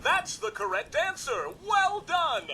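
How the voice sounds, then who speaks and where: High, swooping robot game-show host, slow showy patter, music bed under. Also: male voice, very animated, pushed and bright, a little hiss or hum, full character voice. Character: cheery male robot butler hosting a game show. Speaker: trader. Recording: game audio with music behind.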